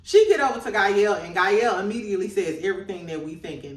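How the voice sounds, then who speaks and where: A woman's voice: lively intonation, fast talker, few pauses, reverberant, recorded from a distance. A woman hosting a reality TV recap in casual chat, laughing often and talking in slang and gossip. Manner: laughs a lot, gossipy, slangy, mimics people in high voices.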